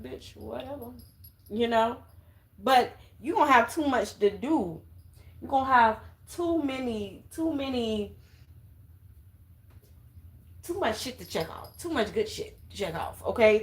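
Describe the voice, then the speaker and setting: A woman giving a casual tarot reading to viewers, coaxing and emphatic, dotting her talk with "okay?". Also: fairly high pitch. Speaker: tarot reader.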